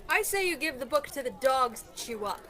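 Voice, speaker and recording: A woman's voice: sits high, animated, brisk, pushed and bright. A teenage girl playing a chatty, teasing young Viking woman in a school radio play. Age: teens.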